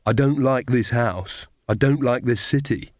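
A timid young witch, soft-spoken and hesitant, as a male reader voices her. She sounds close to his own plain voice, recorded dry. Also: medium pitch, measured pace, no room sound, natural voice. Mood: uneasy.

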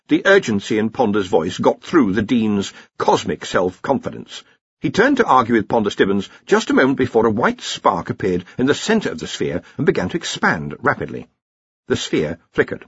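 A man narrating an audiobook in an expressive, wry storytelling manner, in a slightly dull recording. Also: mid-range voice, normal speed, breathy edge, no room sound. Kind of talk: audiobook reading with character voices.

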